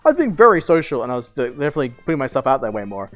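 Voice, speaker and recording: A man's voice: mid-range voice, very animated, very fast, soft background music. A young man in his twenties streaming, telling a long personal story in casual chat, rambling with fillers, restarts and casual swearing.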